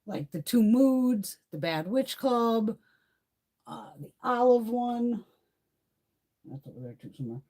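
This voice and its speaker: A woman's voice: on the high side, lively intonation, slow pace, long pauses, warm tone. A middle-aged woman hosting a casual beauty livestream, chatty and swearing freely as she tells stories.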